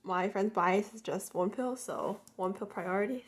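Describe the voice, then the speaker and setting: A woman casually narrating an unboxing, gushing and excitable, often gasping and squealing, sometimes dropping to a hush. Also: mid-range voice, measured pace, husky. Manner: drops to hushed whispers now and then. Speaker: unboxing vlogger.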